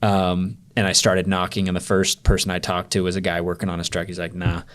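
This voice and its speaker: A young man appears as a podcast guest, telling a personal story during a casual interview in a loose, rambling way full of "like" fillers. His deep, smooth voice shows little pitch movement, and he talks a little fast.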